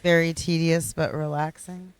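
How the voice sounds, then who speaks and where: A woman streaming a game live, chatting casually and excitedly with viewers and often stammering over her words. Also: low-pitched, moderate pace, smooth, dry recording. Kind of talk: casual live-stream chat while gaming.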